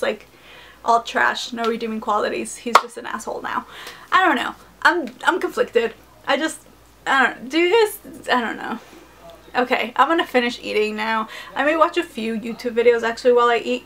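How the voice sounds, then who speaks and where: Young woman vlogger at home, chatty and rambling, a little high-pitched. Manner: rambling, filler-heavy "like" talk. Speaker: book vlogger. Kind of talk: casual vlog chat.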